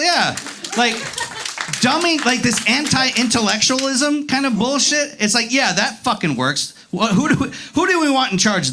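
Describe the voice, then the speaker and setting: Bright, high-pitched ranting stand-up comic man. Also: a little hiss or hum. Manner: profane, exasperated ranting with crowd banter. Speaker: stand-up comedian. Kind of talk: live stand-up comedy set. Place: comedy club stage.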